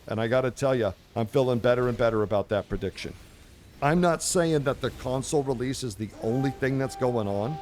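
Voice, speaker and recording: A man's voice: medium pitch, darkish tone, a little hiss or hum. A man hosting a casual game commentary video, brash and profane, slipping into mock-preachy pronouncements. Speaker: host.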